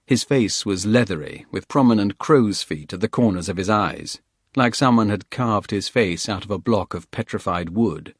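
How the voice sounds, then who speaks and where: Low-voiced male audiobook narrator. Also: lively intonation, normal speed, husky, no room sound, clean studio sound. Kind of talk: scripted thriller narration.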